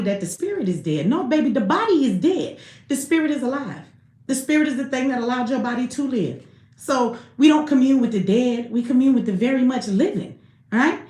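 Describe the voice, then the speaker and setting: A woman's voice: on the high side, reverberant. A woman in her thirties hosting a casual live stream, talking candidly in slang and laughing often.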